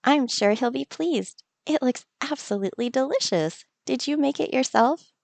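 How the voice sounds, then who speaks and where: A woman reading out a gentle, motherly village woman from a farming game in a slightly raised, fond voice. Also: sits high, lively intonation, normal speed, creaky, no room sound, pitched above the performer's own voice, full character voice. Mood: tender.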